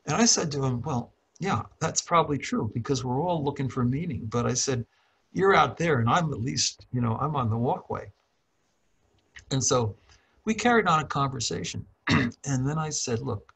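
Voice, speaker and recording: A middle-aged man, a professor, calmly telling a personal story in a talk, often clearing his throat and restarting his sentences. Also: mid-range voice, rough recording. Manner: calm, reflective, frequent throat clearing and restarts. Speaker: professor and author.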